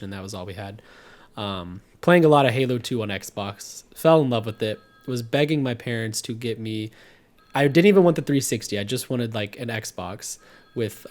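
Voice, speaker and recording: A man in his twenties telling a story in casual podcast chat, calm and collected. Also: lowish voice. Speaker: podcast co-host.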